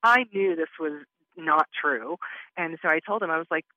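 A woman's voice: low-pitched, normal speed, dry recording. A woman, an interview guest, retelling what happened to her in conversational storytelling, acting out the back-and-forth of quoted exchanges. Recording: muffled lo-fi line, dry.

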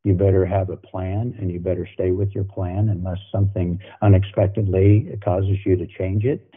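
A man's voice: sits low, steady tone, normal speed, breathy edge. An older man, a former football coach, telling anecdotes in a folksy way, often repeating himself as he goes. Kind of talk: storytelling guest on a podcast. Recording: phone-like narrow sound.

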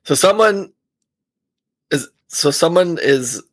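A man's voice: fairly high pitch, lively intonation, slow, no room sound. A man co-hosting a podcast in casual chat, talking loosely with frequent swearing and laughter. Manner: loose, profane, laughs often. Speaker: podcast co-host.

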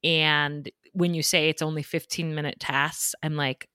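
Woman host, bright tone, dry close mic, chatty, encouraging. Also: fairly low pitch, steady tone, brisk, few pauses, clean tone, no room sound. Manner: chatty, encouraging, dryly sarcastic. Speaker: podcast host. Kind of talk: casual podcast interview.

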